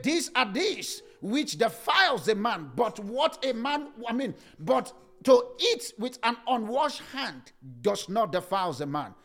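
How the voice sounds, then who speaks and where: A man preaching a sermon with passion, swinging into sing-song cadences and rising to shouts. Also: very high voice.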